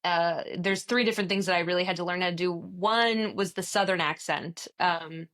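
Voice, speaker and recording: Woman, lower pitch, casual interview, laughs, acts out quotes. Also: fairly even intonation, moderate pace, fairly bright tone. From American Midwest. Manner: chatty, laughs often, acts out quoted voices. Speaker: stage actor, interview guest.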